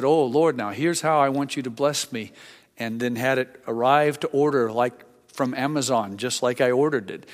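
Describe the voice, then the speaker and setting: An older man preaching a sermon as a pastor, conversational and halting, with frequent restarts. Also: mid-range voice. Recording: long hall reverb.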